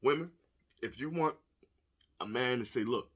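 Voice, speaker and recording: A man giving blunt, profane, animated commentary to the camera, telling stories and speaking plainly as a stepfather. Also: medium pitch, moderate pace. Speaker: vlogger. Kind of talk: casual commentary video.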